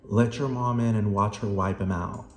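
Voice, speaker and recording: A man's voice: lowish voice, fairly even intonation, normal speed. A man giving ranting reaction commentary in a profane, exasperated way. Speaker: vlogger. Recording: roomy echo, faint background noise.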